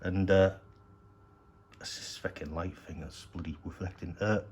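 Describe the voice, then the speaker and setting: Very deep-voiced man rambling. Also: steady tone, a little slow, darkish tone, slight background noise. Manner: rambling, hesitant, swears casually. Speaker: collector showing his DVDs. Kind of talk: casual unscripted show-and-tell.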